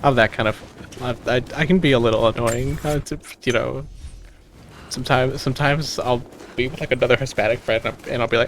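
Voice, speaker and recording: A man's voice: mid-range voice, steady tone, brisk, slight background noise. An American man streaming a game and chatting casually, often restarting his sentences, swearing freely and laughing easily. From United States. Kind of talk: casual gaming chat.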